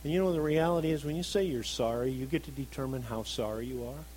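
A middle-aged man preaching a sermon, earnest, moving between emphatic stresses and soft, reflective passages. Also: mid-range voice, fast talker, slight background noise, low-quality recording.

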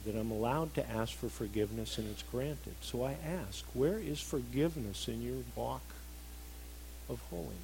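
A middle-aged man preaching a sermon, earnest, moving between emphatic stresses and soft, reflective passages. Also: medium pitch, moderate pace, gravelly, slight background noise, poor audio.

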